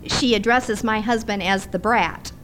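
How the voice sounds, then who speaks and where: A middle-aged woman preaching a sermon in a conversational, animated storytelling manner. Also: mid-range voice, measured pace, a little hiss or hum.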